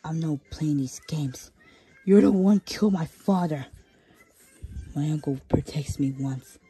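A woman's voice: deep voice, fairly even intonation, a little slow, warm tone, husky, no room sound, faint music behind, heavily acted. A woman doing a defiant young crow. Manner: angry, insistent.

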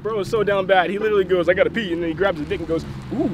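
A man's voice: sits high, rapid-fire, noisy background. A young man vlogging, crude and joking, laughing a lot as he chats in a car. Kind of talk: casual joking chat.

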